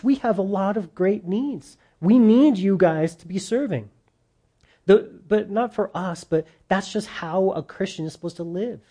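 A man preaching a sermon to his church, animated and rising loud on his points. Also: high voice. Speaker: pastor.

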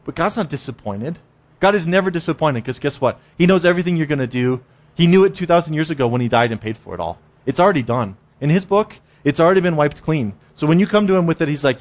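A man's voice: a little high, animated, fast. Conversational man preaching a casual sermon. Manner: conversational, repeats words, acts out inner voices.

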